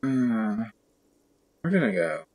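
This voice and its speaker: A woman streamer playing a video game, talking casually and reacting in an animated, exclaiming way. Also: extremely low pitch, slow, slightly rough. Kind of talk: game let's-play with read-aloud dialogue.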